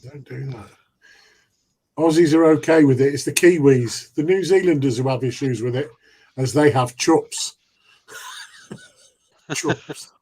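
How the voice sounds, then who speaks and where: A man's voice: mid-range voice, moderate pace, dark tone, slightly rough. A man chatting on a live stream, teasing and laughing often. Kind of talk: casual banter.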